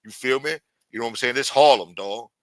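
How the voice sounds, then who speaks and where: A man's voice: mid-range voice, fast talker, no echo, voice pushed up, close to an everyday voice. A man playing a threatening, profane street hustler in improvised comic role-play. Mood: menacing. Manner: profane, taunting, streetwise swagger. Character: menacing male street hustler, adult, threatening.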